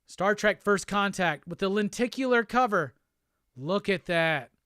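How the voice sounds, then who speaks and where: Excitable, cursing male host. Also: high voice, measured pace, clean tone, no room sound, studio quality. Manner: excitable, profane, exclamatory. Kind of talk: casual livestream unboxing chat.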